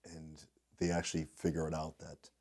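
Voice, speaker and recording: A middle-aged man speaking as a guest in an interview, telling lively anecdotes and acting out the voices of people he quotes. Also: a bass voice, normal speed. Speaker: guest speaker, industry consultant. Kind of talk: storytelling in a podcast interview.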